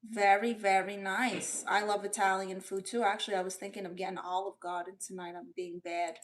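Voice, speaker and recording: A woman's voice: mid-range voice, level tone, brisk, natural voice. A woman playing a sassy, doting middle-aged aunt on a comedy livestream, greeting viewers and reading chat aloud with big swoops in her voice. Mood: chatty. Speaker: livestream host in character. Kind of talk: live-chat comedy stream. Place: bedroom.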